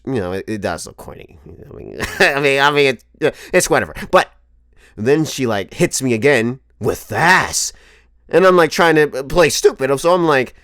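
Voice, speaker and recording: A man in his twenties telling a comic story to camera as a vlogger, animated and profane, often laughing. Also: mid-range voice, clear, resonant tone, no room sound, studio quality. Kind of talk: comedic storytelling monologue.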